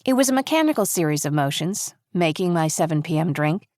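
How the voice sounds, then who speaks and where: A woman giving measured, reflective first-person audiobook narration. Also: on the low side, expressive, no room sound, studio quality. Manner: measured, reflective, quietly intimate.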